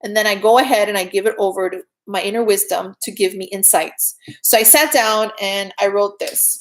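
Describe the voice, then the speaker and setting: A woman's voice: medium pitch, fairly even intonation, normal speed. A middle-aged woman giving an earnest, chatty spiritual talk to her viewers, often checking in with "right?". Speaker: spiritual teacher.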